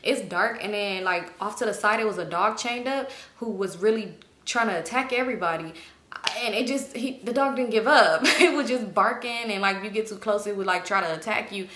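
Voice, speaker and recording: A woman telling a story in a casual storytime vlog, animated and sassy, acting out what people said. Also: mid-range voice, fairly quick. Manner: animated, acts out quoted dialogue with sassy asides. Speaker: storytime YouTuber. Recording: echoey room.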